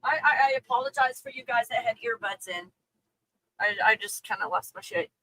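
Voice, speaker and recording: A woman's voice: fairly high pitch, animated, moderate pace, creaky, sharp tone, a little hiss or hum, poor audio. A woman hosting a casual livestream, reading viewer comments and ranting with lots of swearing and laughter. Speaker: livestream host.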